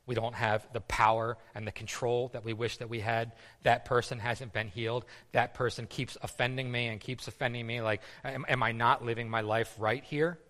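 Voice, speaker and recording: A man's voice: mid-range voice, fairly bright tone. A man preaching a sermon in a casual, conversational way, often repeating words and using fillers. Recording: long reverb of a hall.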